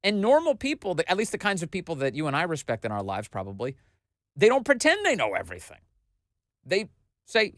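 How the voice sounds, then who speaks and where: A man in his forties hosting a political commentary show in a studio, talking in an animated, emphatic way straight to the listener. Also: a little high, brisk, no room sound. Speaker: host.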